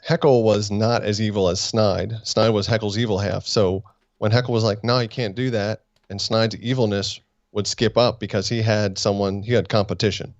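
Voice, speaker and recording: This man co-hosts a casual review podcast, rambling and teasing as he works through his theories. His voice sits low for a man. The recording is dry and close but dull and lo-fi. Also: steady tone, normal speed, no room sound. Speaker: podcast co-host. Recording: dull lo-fi sound.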